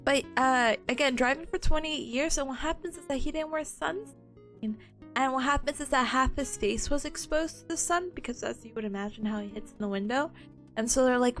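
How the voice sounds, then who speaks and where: A high-voiced young woman with a hoarse, worn-out voice talks through her study notes. She is bubbly and chatty and giggles easily. Faint music plays in the background. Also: fairly quick, a bit bright. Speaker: streamer reviewing study notes. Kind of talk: casual study stream.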